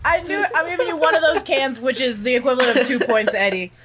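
A woman hosting a casual podcast chat, excitable and laughing often as she talks. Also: high voice, quick pace, background noise. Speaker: podcast host.

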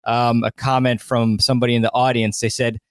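Speaking at medium pitch with little pitch movement and a brisk pace, a man hosts a podcast in a rambling, enthusiastic style full of fillers and restarts. The casual intro and interview are studio quality, with no room sound.

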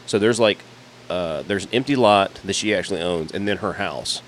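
A man casually telling a story on a podcast, profane and animated. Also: low-pitched, normal speed, slight background noise. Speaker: podcast co-host. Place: garage.

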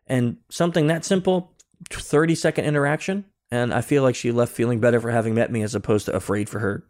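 A middle-aged man as a podcast guest, telling lively anecdotes and explaining them step by step in a casual way. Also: mid-range voice, quick pace. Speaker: guest, security consultant and author. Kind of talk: casual interview storytelling.

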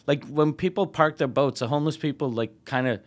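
A man telling a profane comic road story as a podcast guest, animated and laughing often. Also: fairly high pitch, fairly quick. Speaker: comedian guest.

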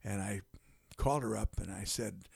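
An older man, a guest on a podcast, telling a long story in an unhurried way with many pauses and some dry humor. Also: on the low side, creaky, a little mellow, breathy edge, dry recording. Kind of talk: casual storytelling in a podcast conversation.

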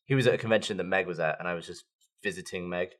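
Fast-talking man with a lower voice. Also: a bit bright. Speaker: podcast co-host. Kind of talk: casual chat.

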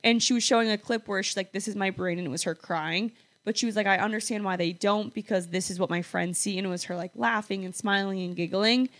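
A woman's voice: mid-range voice, steady tone, fast, fairly bright tone. Young female co-host, mid-range voice, earnest and reflective in casual conversation. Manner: earnest, reflective, self-correcting. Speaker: podcast co-host. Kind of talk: casual chat. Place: apartment.

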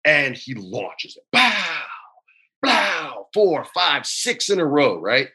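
A man in his forties, a guest telling animated, slangy stories with laughter over a video call from his home. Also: mid-range voice, a little slow. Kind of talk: casual storytelling interview.

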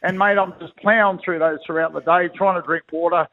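A man's voice: sits high, steady tone, fairly quick. A middle-aged Australian man, a retired rugby league player, telling rambling blokey stories as a guest. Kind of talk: phone interview, storytelling. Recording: tinny phone line.

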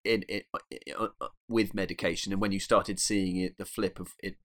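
A man's voice: sits low, flat delivery, brisk, a bit bright. A man talking about a film, hesitant, with many restarts. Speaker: film reviewer. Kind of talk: casual film discussion.

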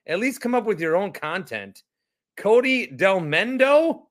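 A man's voice: sits high, very animated, a little slow. A man hosting a sports talk show, ranting in a casual, indignant and profane way, often repeating himself and turning sarcastic.

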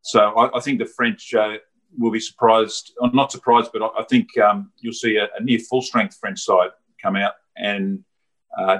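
A man giving measured rugby analysis on a sports talk panel, pausing often with fillers. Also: fairly low pitch, fairly bright tone, husky, low-quality recording. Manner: measured, hesitant with many ums. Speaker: rugby pundit. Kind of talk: studio sports discussion.

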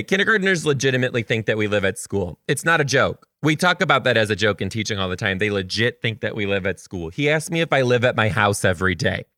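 A man who teaches kindergarten, telling a story to his viewers in a gushing, animated, chatty way. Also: fairly low pitch, no room sound, studio quality. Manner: chatty with frequent "like" fillers.

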